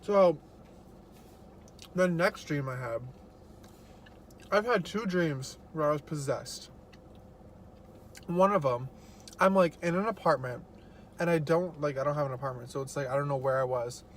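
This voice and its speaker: A man's voice: fairly high pitch, measured pace, long pauses, a little hiss or hum. A young man vlogging casually as he eats, telling stories in a chatty way with lots of fillers. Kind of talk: casual mukbang chat.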